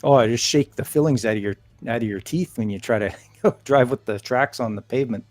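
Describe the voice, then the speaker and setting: A man's voice: medium pitch, a little fast, darkish tone, dry recording. A man with a Canadian accent who operates heavy equipment, chatting casually and telling stories with chuckles. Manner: chuckling, storytelling. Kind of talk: casual voice chat.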